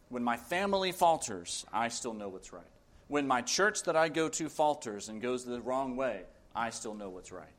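A man's voice: mid-range voice, a bit bright. A man preaching a sermon, reading scripture aloud and pressing his points with earnest, emphatic repetition.

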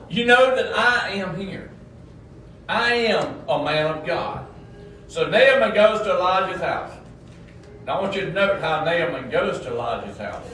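A man preaching a sermon, his voice swinging widely between high, loud peaks and low, quiet asides. The sound is very roomy and echoing, picked up from a distance in a church hall. Faint ambience sits behind him. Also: slight background noise.

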